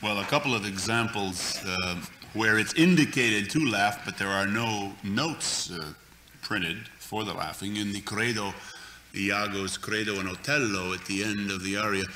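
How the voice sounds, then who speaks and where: A man, an opera baritone, talking on a panel and explaining with examples in a measured way. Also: pushed and bright, reverberant, slight background noise. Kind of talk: conversational panel talk.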